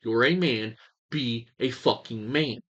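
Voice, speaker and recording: A man's voice: mid-range voice, takes it slowly, fairly bright tone, muffled recording. A young man giving a heated, crude reaction commentary, swearing and mocking as he talks.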